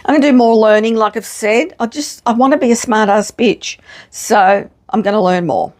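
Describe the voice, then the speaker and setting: A woman's voice: on the high side, moderate pace, a little mellow. A middle-aged woman, chatting casually to camera in a frank, self-mocking way and swearing freely. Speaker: vlogger. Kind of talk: casual chat.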